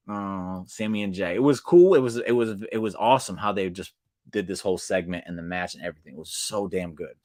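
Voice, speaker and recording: A man hosting a casual wrestling recap, talking excitedly in slang and acting out quotes with sudden jumps in pitch. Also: brisk, no room sound, studio quality.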